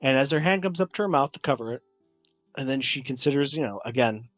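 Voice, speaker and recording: A man narrating as game master of a tabletop game, describing scenes in a measured way and pausing to think. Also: mid-range voice, lively intonation, no echo, faint music behind.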